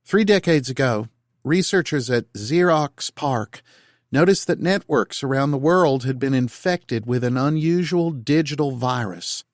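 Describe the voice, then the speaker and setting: A male narrator voicing a female senator who gives a measured, formal briefing. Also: mid-range voice, animated, dry recording, studio quality, close to an everyday voice. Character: brisk female senator leading a secret briefing.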